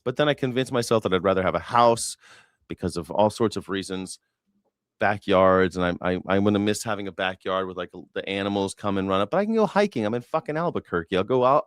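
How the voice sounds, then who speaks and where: A man's voice: lowish voice, fast talker, clear, resonant tone, no room sound, studio quality. Sarcastic, profane man on a livestream. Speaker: host of a news reaction stream. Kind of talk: casual livestream commentary.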